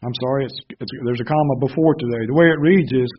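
A man's voice: mid-range voice, quick pace, few pauses, breathy edge, muffled recording. A man preaching a Bible sermon, earnestly explaining verses step by step.

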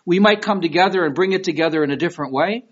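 A man's voice: a little high, fast talker. A middle-aged man from Michigan with a Detroit accent, preaching a sermon in a conversational, storytelling way. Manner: conversational, storytelling with lively quoted voices. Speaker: pastor. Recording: dull lo-fi recording.

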